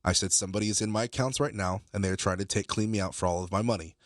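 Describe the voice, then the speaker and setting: A man, a podcast co-host, telling a story in casual talk, animated and swearing, acting out both sides of phone calls. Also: lowish voice, rapid-fire, dry recording, clean studio sound.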